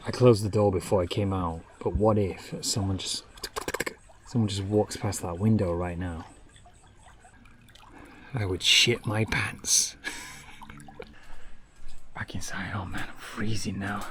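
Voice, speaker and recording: A man telling a travel vlog story in a jokey, animated way, now and then dropping to a hush, outside a villa at night. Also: low-pitched, slow pace, pauses often, noisy background. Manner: animated, jokey, drops to hushed tones. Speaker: travel vlogger. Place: villa pool area at night.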